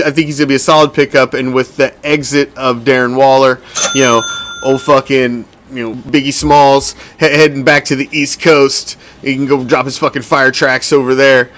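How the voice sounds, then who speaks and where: A man's voice: mid-range voice, a bit bright. A middle-aged man hosting a fan sports podcast, ranting heatedly and swearing constantly. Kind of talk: profane sports rant.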